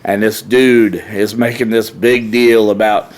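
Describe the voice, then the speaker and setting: A man's voice: fairly low pitch, steady tone, a little slow, few pauses. A middle-aged man, a podcast guest telling rowdy, profane stories in a casual way. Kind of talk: casual storytelling.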